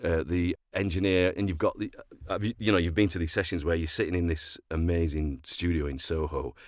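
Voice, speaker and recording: An older man tells self-deprecating stories from his voiceover career, with plenty of restarts. His voice sits very low. The sound is close and dry, with no room in it. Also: fairly even intonation, fairly quick, darkish tone, dry recording. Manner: anecdotal, self-deprecating storyteller with frequent restarts. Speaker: voiceover artist and actor. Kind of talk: relaxed interview chat.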